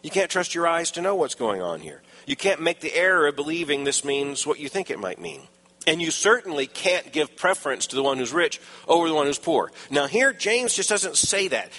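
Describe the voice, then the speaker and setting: A man preaching an expository sermon in an emphatic way, rising for stressed points and dropping low for asides. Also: animated, fairly quick, pushed and bright. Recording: long reverb of a large hall.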